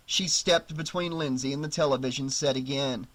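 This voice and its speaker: A man narrating a horror novel audiobook in a steady, measured storytelling voice. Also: mid-range voice.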